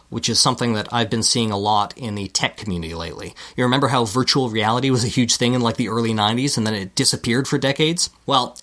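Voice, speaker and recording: A man's voice: mid-range voice, fairly bright tone. A man with a Canadian accent, a podcast co-host reading a scripted segment with dry, self-deprecating asides.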